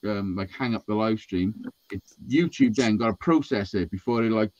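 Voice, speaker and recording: A man's voice: fairly low pitch, normal speed, a little hiss or hum. A man telling a rambling, sweary story in casual podcast chat, acting out what people said. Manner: sweary, animated, acts out quotes. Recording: dull lo-fi sound.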